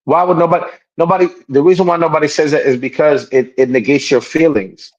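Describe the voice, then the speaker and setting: A man's voice: fairly high pitch, steady tone, quick pace, dull audio. A man co-hosting a podcast in casual chat, talking emphatically, repeating himself and restarting his sentences. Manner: acts out quoted people in raised voices. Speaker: podcast co-host.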